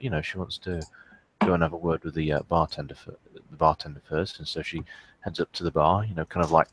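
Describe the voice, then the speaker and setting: A man's voice: deep voice, fairly bright tone, a little hiss or hum. A man playing a tabletop game, describing his character's actions in a rambling, hesitant way. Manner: rambling, full of fillers and restarts. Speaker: player. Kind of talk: tabletop role-play narration.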